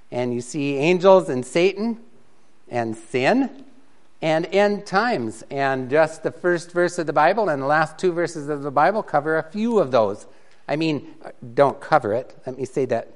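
A man teaching a Bible doctrine class in a relaxed, conversational way, often chuckling. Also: a little high. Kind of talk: classroom lecture.

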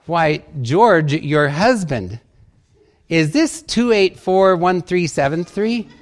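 A man's voice: a little high, takes it slowly, a bit bright. A man voicing a kindly mother who soothes and reassures her upset daughter on the phone, in a joke told in a sermon. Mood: soothing.

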